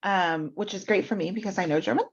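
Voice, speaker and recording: A woman's voice: medium pitch, fast, husky, lo-fi sound. A woman hosting an online workshop, explaining website feedback step by step with frequent ums, over a video call. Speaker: mentor reviewing websites.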